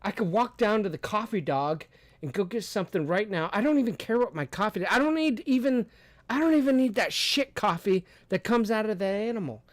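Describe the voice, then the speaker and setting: A man's voice: sits high, expressive, brisk, dry recording. Rambling, profane young male streamer. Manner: rambling, laughs often, profane, reacts to chat. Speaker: streamer host. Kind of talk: casual livestream chat.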